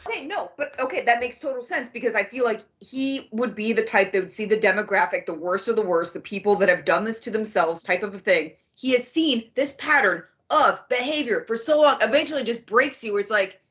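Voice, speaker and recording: A woman's voice: fairly high pitch, fairly quick, hardly any pauses, fairly bright tone. Female co-host, blunt and profane, slightly dull lo-fi mic. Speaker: podcast co-host. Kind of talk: casual podcast chat.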